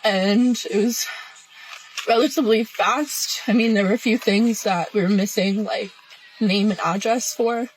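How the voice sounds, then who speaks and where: A woman in a tearful, halting, emotional confessional vlog. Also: medium pitch, slight background noise, rough recording. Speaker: social media poster.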